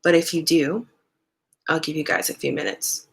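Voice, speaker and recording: A woman's voice: deep voice, moderate pace, gravelly. A woman hosting a live stream about hair care, talking casually and answering viewer questions, with lots of "um" and "you know". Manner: conversational, relaxed, many fillers like "um" and "you know". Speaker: natural hair care host.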